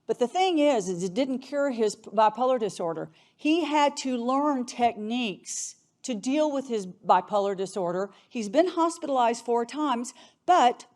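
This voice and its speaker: A woman's voice: on the high side, lively intonation, a little slow, a little mellow. A middle-aged woman attorney giving an earnest conference talk, telling a story and shifting her pace and volume for emphasis. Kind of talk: emotional keynote storytelling.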